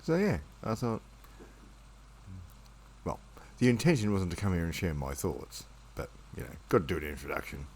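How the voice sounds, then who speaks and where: A man with a very low voice talks in a calm, rambling late-night monologue. His pitch still swings widely as he wanders through his thoughts, with a faint hiss behind him. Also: normal speed. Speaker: channel host reading his poetry. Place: at home at night.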